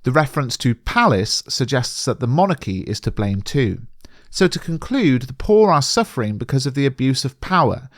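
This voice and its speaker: Male teacher, scripted revision lesson, measured and clear, slows for quotes; dry booth sound. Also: medium pitch, sing-song, dry recording. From England. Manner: clear, measured explanation, slowing to read quotations.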